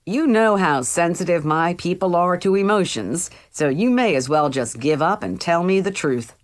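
A chatty, theatrical teen boy, as a woman reader puts him on, teasing and gushing at his friend. The voice sits low and a touch deeper than the narration. It is a storybook character read aloud for an audiobook. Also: animated, normal speed, lightly acted. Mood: playful.

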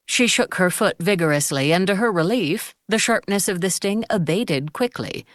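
A woman narrating an audiobook in an even storytelling manner. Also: lowish voice, moderate pace, few pauses, dry recording, studio quality. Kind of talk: scripted narration.

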